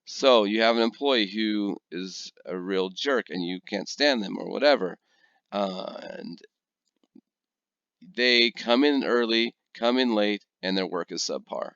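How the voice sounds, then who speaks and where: A man teaching a recorded lecture, telling stories in an animated way and often checking in with his listeners. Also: fairly low pitch, measured pace, clean tone, no echo. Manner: animated storyteller, checks in with "okay?". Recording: dull lo-fi dry recording.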